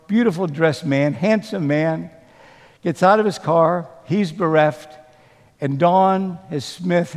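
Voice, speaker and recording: A man preaching from the pulpit, his fairly high voice carrying a long reverb through the church. He talks slowly and earnestly, leaning into the story and quoting the people in it. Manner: slow, earnest storytelling with quoted dialogue. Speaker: pastor. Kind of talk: sermon storytelling.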